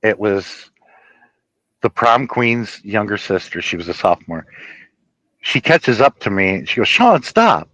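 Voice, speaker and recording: A man telling a personal story in a rambling, profane, animated way, laughing at his own tale. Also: fairly low pitch, unhurried, long pauses, muffled recording.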